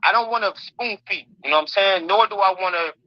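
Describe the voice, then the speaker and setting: A man's voice: sits high, quick pace, dry recording. A man in casual political chat who interrupts, swears and quizzes the others. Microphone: remote call microphone. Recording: muffled lo-fi call audio.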